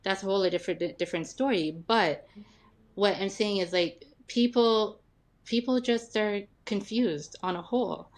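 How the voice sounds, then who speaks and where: A woman from a Jamaican family talking in a roundtable discussion, often pausing and repeating words as she thinks. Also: medium pitch. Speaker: roundtable guest. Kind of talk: casual discussion.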